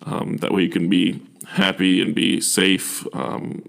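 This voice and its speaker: A young man speaks as a university admissions officer in an easygoing, encouraging talk. His voice sits low with a gravelly fry, and he stumbles over restarts and fillers as he speaks earnestly. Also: completely flat delivery, measured pace, fairly bright tone. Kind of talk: casual advice talk.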